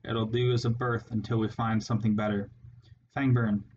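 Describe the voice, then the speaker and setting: A contemptuous rat warlord barks his commands with a cruel snarl, as a man reads him in a storybook. The voice sits low and moves little in pitch. The recording is dull and lo-fi, with faint noise behind it. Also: level tone, normal speed, a little mellow, lightly acted. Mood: snarling, commanding. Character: harsh scarred male rat warlord.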